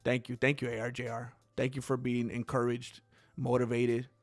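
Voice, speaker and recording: A man's voice: mid-range voice, completely flat delivery, moderate pace, dry recording, clean studio sound, faint music behind. A man hosting a live stream, chatting casually and playfully, laughing often and reading out chat.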